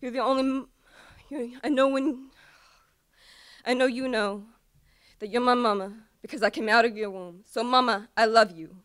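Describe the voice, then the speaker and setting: A woman's voice: a little high, fairly even intonation, moderate pace, pauses often, a bit bright, dry recording, studio quality. A teenage girl performing an impassioned, pleading slam poem with repetitive cries to her mother. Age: teens. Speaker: student poet.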